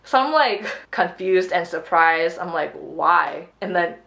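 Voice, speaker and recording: A woman's voice: lowish voice, measured pace. A young woman vlogger chatting animatedly while she does her makeup, telling a story with lots of "like". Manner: chatty, animated retelling with many "like"s. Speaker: beauty vlogger. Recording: roomy echo.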